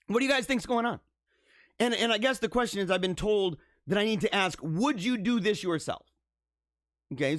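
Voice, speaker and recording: High-voiced, incredulous male show host. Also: dry recording, studio quality. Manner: animated, incredulous, laughs often, stammers. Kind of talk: casual live-stream commentary.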